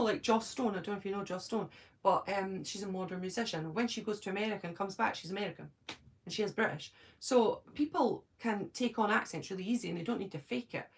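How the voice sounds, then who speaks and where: A woman's voice: medium pitch, gravelly. A Scottish woman chatting casually on a live stream from her home, answering viewers' comments by name and thinking aloud. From Scotland.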